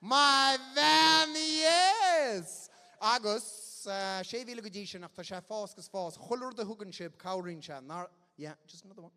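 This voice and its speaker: Lively Irish man announcing a raffle. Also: high-pitched, fast talker, hardly any pauses. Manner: lively, joking, mixing Irish and English. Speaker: event host running a raffle. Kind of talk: bilingual stage announcing. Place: large indoor hall. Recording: echoey hall on a PA.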